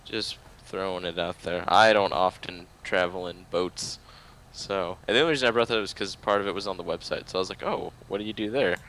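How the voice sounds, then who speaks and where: A man's voice: low-pitched, a little fast, fairly bright tone. A man co-hosting a podcast in casual chat, talking loosely, swearing and laughing readily. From United States. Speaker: podcast co-host.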